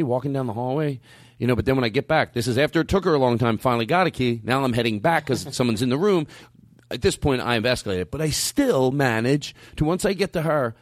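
A man tells a story in casual podcast chat. He acts out his own frustration, and his voice jumps high and loud when he does. The sound is dry and close. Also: expressive, fast, no echo. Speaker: podcast host, comedian.

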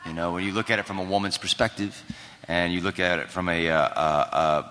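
A man with a Southern US accent, a guest actor chatting in a live stage interview, speaking haltingly with many restarts and fillers. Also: deep voice, steady tone, sharp tone. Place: large theater stage before a live audience. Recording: reverberant theater with background noise.

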